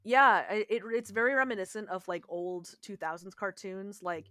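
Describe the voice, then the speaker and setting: A woman co-hosting a casual podcast, gushing with excitement and swearing freely. Her voice sits at a middle pitch and sounds close and dry on the mic, with no room around it. She laughs often and talks in an easy, unpolished way. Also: normal speed, dry recording. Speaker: podcast co-host. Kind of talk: casual chat.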